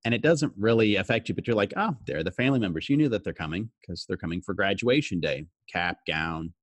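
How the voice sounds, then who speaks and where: A man who is a father, telling a personal story in a halting, heartfelt way with frequent restarts. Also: low voice, lively intonation, no room sound. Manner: emotional, halting, repeats words. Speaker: guest.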